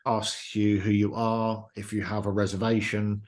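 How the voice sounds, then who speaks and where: A man's voice: fairly low pitch, level tone, normal speed. A man hosting a podcast, telling a travel story with enthusiasm in casual chat. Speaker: podcast host.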